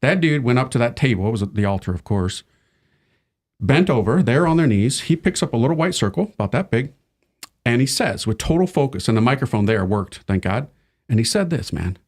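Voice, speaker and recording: Lively middle-aged priest telling a story. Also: male voice, mid-range voice, brisk. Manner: lively, slangy, laughs often, acts out the people in his story. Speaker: priest, interview guest. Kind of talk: animated storytelling in conversation.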